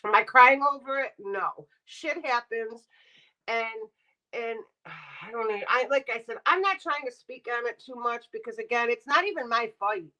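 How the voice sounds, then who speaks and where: A woman's voice: a little high, animated, normal speed, sharp tone, low-quality recording. A middle-aged woman streaming live, ranting bluntly and sarcastically while talking to her chat. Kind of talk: casual livestream rant.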